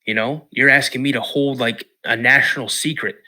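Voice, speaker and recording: A man voicing his twelve-year-old self as an excited, urgent boy while telling a story. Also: normal speed. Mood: pleading. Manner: high-pitched and urgent.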